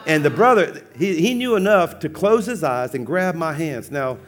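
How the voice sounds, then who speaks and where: A man preaching as a pastor, telling a funny personal story with lively, laughing acted-out dialogue. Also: fairly high pitch, normal speed. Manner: animated, humorous, acts out dialogue with laughs. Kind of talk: sermon storytelling.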